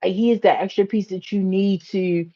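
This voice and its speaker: A woman from the United States hosting a casual livestream chat, telling a story in a chatty way, repeating phrases and going high when excited. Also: moderate pace, muffled recording. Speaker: livestream host.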